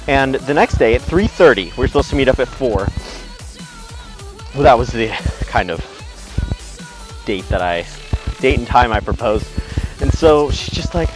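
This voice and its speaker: A man's voice: medium pitch, lively intonation, normal speed, pauses often, rough recording. A young man telling a story as he walks outdoors, rambling and blunt, swearing freely and acting out what each person said. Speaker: vlogger. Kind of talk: casual storytelling while walking. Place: outdoors on a windy walk. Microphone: handheld camera. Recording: windy outdoor camera audio over music.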